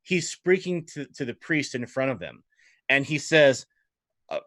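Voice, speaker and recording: Bright-voiced man running a tabletop game. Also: medium pitch, animated, unhurried. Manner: playful, laughs easily. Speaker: game master.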